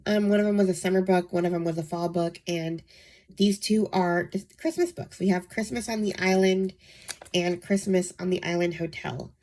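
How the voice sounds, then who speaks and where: A woman hosting her book channel, sick and nasal, talking softly to save her voice, with frequent ums. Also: fairly low pitch, steady tone, moderate pace. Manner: soft-spoken, saving her voice, many ums. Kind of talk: casual book vlog.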